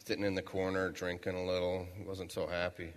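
A man's voice: low-pitched, monotone, brisk. A middle-aged man giving a motivational talk in a large hall, telling a folksy story and asking the audience rhetorical questions. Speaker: motivational speaker. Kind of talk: storytelling keynote speech. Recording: long reverb of a large hall.

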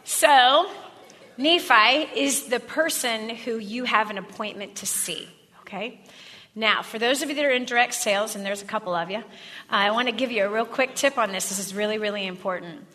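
A woman's voice: fairly high pitch, moderate pace, pushed and bright, in a large hall. A woman leading a live workshop demonstration, upbeat and laughing easily as she coaches the room. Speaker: workshop presenter.

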